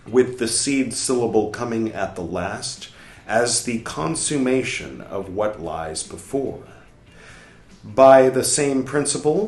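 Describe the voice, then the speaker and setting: A man reading a text aloud slowly and deliberately, saying "quote" and "end quote" and pausing now and then to comment. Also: medium pitch. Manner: pauses to comment on the text with small asides. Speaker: reader of a text on Buddhist mantras. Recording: roomy echo, faint music behind.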